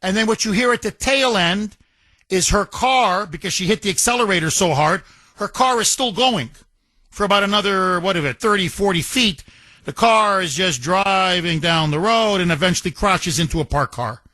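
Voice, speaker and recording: A man's voice: sits high, expressive, moderate pace, sharp tone, dry recording. A man hosting a talk radio show, describing events in an emphatic, indignant way and repeating words for stress.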